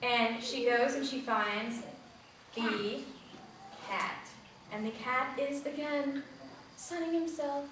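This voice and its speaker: A woman's voice: high voice, slow pace, long pauses, noisy background. Distant echoey woman telling a story. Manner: lively, asks the listeners questions. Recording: echoey room from far off.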